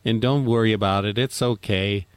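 A man's voice: fairly low pitch, fairly even intonation, normal speed, clean tone, dry recording, close to an everyday voice. A man voicing a sly, tempting evil inner voice that coaxes and reassures. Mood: coaxing. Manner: coaxing, reassuring, persuasive.

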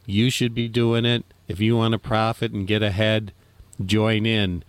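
A man's voice: on the low side, little pitch movement, measured pace, clean tone, no room sound, lightly acted. A man voicing a sly, tempting evil inner voice that coaxes and reassures. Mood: coaxing. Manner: coaxing, reassuring, persuasive.

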